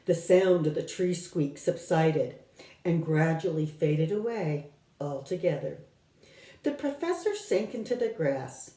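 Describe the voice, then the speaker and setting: Woman teacher, storybook read-aloud, mellow and animated, roomy distant recording. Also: low-pitched. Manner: slow, expressive read-aloud with lively voicing. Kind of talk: reading a storybook aloud to a class.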